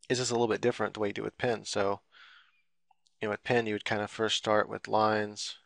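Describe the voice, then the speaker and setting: A man's voice: on the low side, gravelly, a bit bright, no room sound, clean studio sound. A man giving a casual, rambling drawing tutorial while he works on screen, full of fillers and loose explanations. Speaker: drawing instructor.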